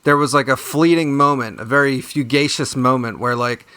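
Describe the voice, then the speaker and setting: A man's voice: medium pitch, steady tone, brisk, sharp tone, no room sound. A man on a comedy podcast, rambling through absurd jokes. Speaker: podcast panelist.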